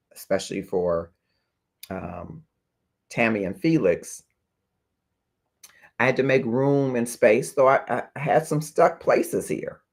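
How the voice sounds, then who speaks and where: Earnest low-voiced man hosting a talk. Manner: earnest and reflective, checks in with listeners. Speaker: host of a talk show on grief. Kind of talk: heartfelt livestream talk to viewers.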